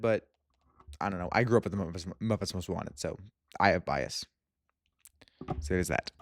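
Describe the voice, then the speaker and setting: An excitable young man gushes about movies in a casual vlog. His pitch swings widely as he talks. The sound is dry and close. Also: no echo. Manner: excitable, gushing, quick to laugh. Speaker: movie reviewer.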